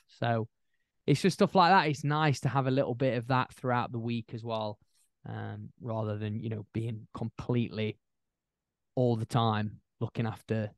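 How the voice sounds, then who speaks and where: A young man, a new dad and podcast guest, chatting casually and telling animated, rambling stories. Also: mid-range voice, normal speed, dry recording, clean studio sound. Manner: animated storyteller, rambling with restarts. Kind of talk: casual chat.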